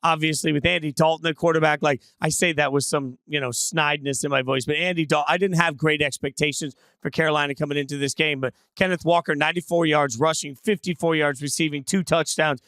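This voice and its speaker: Brash higher-voiced sports host man. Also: steady tone, brisk, hardly any pauses, a bit bright, no echo. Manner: opinionated, brash, declarative. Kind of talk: casual sports analysis chat.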